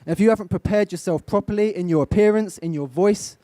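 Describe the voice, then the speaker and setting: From an event stage, a young Englishman gives a live motivational talk, coaching the audience directly and asking them questions. His voice sits high and sounds mellow, he talks fast, and the recording is dry.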